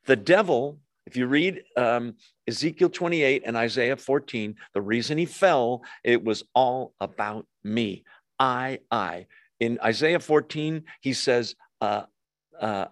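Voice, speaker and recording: A man preaching a sermon, explaining a Bible passage in a conversational way with rhetorical questions and quick asides. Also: medium pitch, lively intonation, a bit bright, dry recording, clean studio sound. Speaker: pastor.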